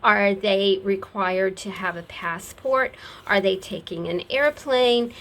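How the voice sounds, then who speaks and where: A woman's voice: medium pitch, slow pace, a bit bright. A middle-aged woman, rambling chattily as she shows off craft supplies and laughs at herself. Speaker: craft seller showing her products. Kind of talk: casual craft show-and-tell.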